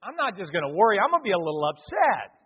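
A man preaching a conversational, animated sermon as a pastor in a church. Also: high-pitched, racing, slightly rough. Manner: conversational, animated, acts out quotes and sings. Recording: echoey hall, thin phone-like sound.

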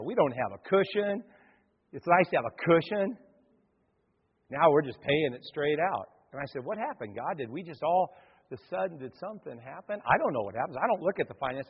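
A male pastor delivering an animated sermon, acting out the voices of the people in his stories. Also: a little high, husky. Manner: animated preaching, acts out quoted voices. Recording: dull sound, long hall reverb.

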